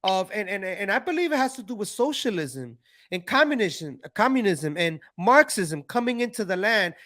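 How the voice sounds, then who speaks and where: Host guy with a pretty high voice, punchy, says things twice so they land. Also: big pitch swings, moderate pace, pushed and bright. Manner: emphatic, repeats points for stress. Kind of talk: casual interview.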